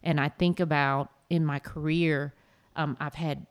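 A woman with a doctorate speaking as a guest panelist, reflective and halting, with many pauses and restarts. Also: sits low, steady tone. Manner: hesitant, halting, soft-spoken.

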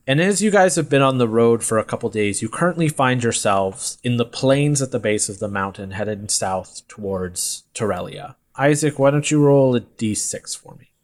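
A man narrating a tabletop game as game master in a descriptive, easygoing way. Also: mid-range voice.

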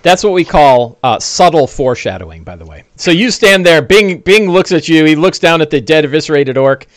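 A man runs a one-on-one tabletop game, narrating scenes with lively, swooping pitch and plenty of "uh"s. His voice sits a bit high, and the recording is close and dry. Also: fairly quick, no echo. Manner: animated, with many fillers. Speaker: game master.

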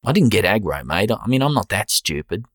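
A man reading a sheepish Australian husband who talks in easygoing slang, in a very low voice. The recording is dry and close, with no room sound, in this spoken story. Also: sing-song, brisk, no echo. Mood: defensive. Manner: sheepish, laid-back slang. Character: sheepish Aussie husband, middle-aged man.

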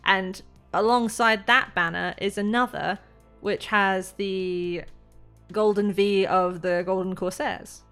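A woman narrating as game master in a tabletop role-playing game, describing scenes in a measured way with pauses. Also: mid-range voice, steady tone, a bit bright, smooth, soft background music.

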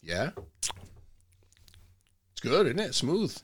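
A man's voice: medium pitch, wildly swooping pitch, slow pace, husky, dry recording, clean studio sound. A middle-aged man co-hosting a podcast, chatting and joking over a whisky tasting. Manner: joking, teasing, tells jokes with put-on voices. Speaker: podcast co-host. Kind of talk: casual chat, whisky tasting.

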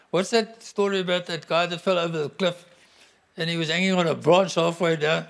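A middle-aged man preaching a sermon to a congregation, emphatic and animated. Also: on the high side, normal speed, vocal fry. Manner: animated, emphatic, bursts into acted-out quotes.

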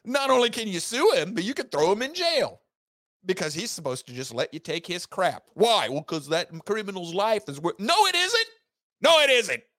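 A man's voice: high-pitched, fairly bright tone, no echo, studio quality. A man hosting a podcast, delivering an angry, sarcastic political rant with heavy emphasis. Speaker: podcast host.

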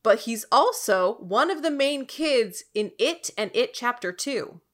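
A woman's voice: a little high, unhurried. A woman co-hosting a podcast, chatting casually about a TV show with lots of fillers. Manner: chatty, animated storytelling with many fillers. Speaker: podcast co-host. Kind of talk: casual chat recapping a TV show.

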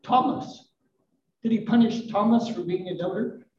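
An older man gives a gentle, reflective sermon at a live church service, with soft asides and a touch of self-deprecating humor. His voice sits a little high and comes from some way off the mic. The live recording is dull and roomy. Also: moderate pace, recorded from a distance. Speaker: pastor.

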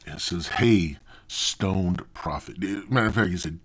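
A man's voice: sits low, normal speed, hardly any pauses, fairly bright tone, slightly rough. A man hosting a comedy podcast, telling a rambling, profane story full of digressions. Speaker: podcast host.

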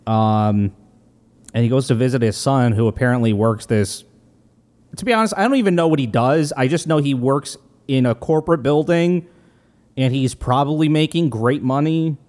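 A man's voice: medium pitch, moderate pace, a little mellow. A man co-hosting a casual podcast, rambling through a film recap and laughing easily. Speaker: podcast co-host. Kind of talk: casual movie recap chat.

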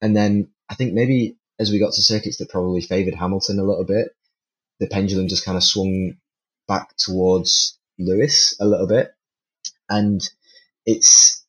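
A man's voice: sits low, fairly even intonation, normal speed, poor audio. A man on a casual panel, giving his opinion in rambling sentences full of restarts and the odd laugh at himself. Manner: rambling, many restarts, self-deprecating laughs.

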